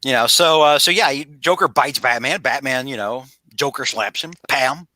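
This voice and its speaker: A man's voice: mid-range voice, normal speed, sharp tone, no echo. A man recapping a comic book on a podcast in a casual, rambling way, full of fillers and restarts, over a video call. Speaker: podcast host.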